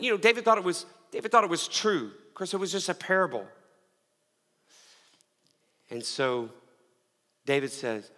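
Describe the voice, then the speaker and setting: A man's voice: a little high, animated, normal speed, pauses often, pushed and bright. A middle-aged man preaching a sermon as pastor, telling a story with frequent restarts and repeated words. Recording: long reverb of a large hall.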